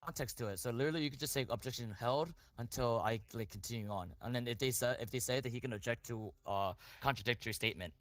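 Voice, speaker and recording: A man playing a defense lawyer in a role-play court, cross-examining a witness in halting phrasing with many restarts and repeated questions. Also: medium pitch, fairly bright tone, no room sound.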